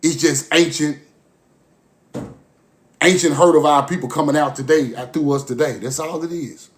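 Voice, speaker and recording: His intonation stays fairly even and his pace moderate as this high-voiced man rants profanely and passionately into the camera. Phrases recur over and over, and his volume lurches from forceful shouting down to low muttered passages.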